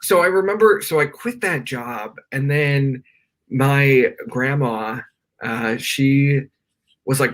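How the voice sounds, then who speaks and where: Slow and mid-range with a fairly bright tone, this young man is a podcast guest speaking over a remote call from his bedroom. His candid account of a personal experience in the live interview is earnest, loose and littered with "like."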